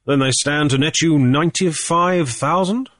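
A man doing a brisk, cool sea trader. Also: on the high side, fairly bright tone, no echo, clean studio sound, pitched above the performer's own voice, lightly acted. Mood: cool, probing. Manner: brisk, airy, with little hesitations. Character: shrewd, cool adult male sea trader. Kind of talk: audiobook character voice.

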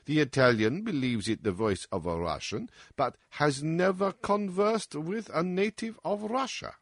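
A man voicing a calm, analytical male detective who lays out his reasoning in a measured, lecturing way, as in an audiobook. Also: on the high side, dry recording, clean studio sound, voice pushed up. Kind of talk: audiobook character reading.

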